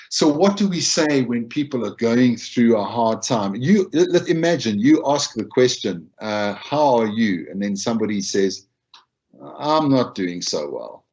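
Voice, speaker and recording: A man's voice: medium pitch, a little mellow, highs cut off. Man giving a chatty wellbeing talk. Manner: conversational, repeats phrases, acts out quoted lines. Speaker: wellbeing speaker. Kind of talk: informal talk on emotional support.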